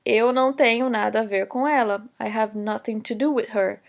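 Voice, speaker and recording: A young adult woman teaching Portuguese in a recorded lesson, explaining examples slowly in English and Portuguese with many fillers. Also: a little high, steady tone, vocal fry. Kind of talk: recorded online lesson lecture.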